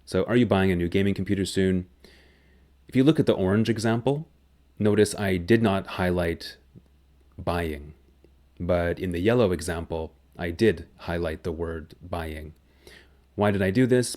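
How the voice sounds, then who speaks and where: A man teaching a grammar lesson, explaining slowly and clearly. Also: deep voice, darkish tone. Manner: slow, clear, deliberate explanation. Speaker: English teacher.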